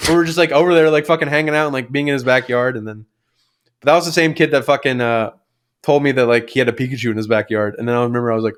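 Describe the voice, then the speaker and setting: A man's voice: mid-range voice, steady tone, rapid-fire, smooth. A young man co-hosting a podcast, telling childhood stories in a rambling, casual way full of fillers and swearing. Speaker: podcast co-host. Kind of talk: casual chat.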